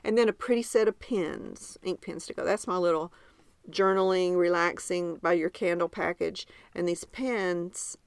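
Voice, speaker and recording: A woman with a Southern accent co-hosting a podcast, chatting warmly and describing gift ideas in detail. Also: lowish voice, steady tone, moderate pace, creaky, smooth, dry recording. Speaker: podcast co-host. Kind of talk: casual podcast chat.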